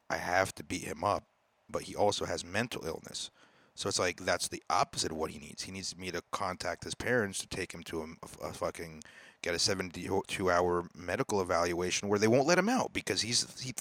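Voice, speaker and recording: A man hosting his own podcast in a casual, profane rant that swings between loud outbursts and low mutters. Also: no room sound. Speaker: podcast host. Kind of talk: casual ranting monologue.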